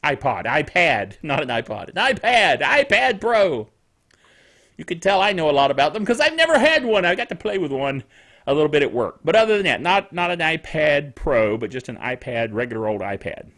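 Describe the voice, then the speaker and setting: A man's voice: a little high, sing-song, moderate pace, a bit bright. A middle-aged man hosting a tech netcast, rambling and chatty with frequent self-amused chuckles. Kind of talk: casual tech news commentary.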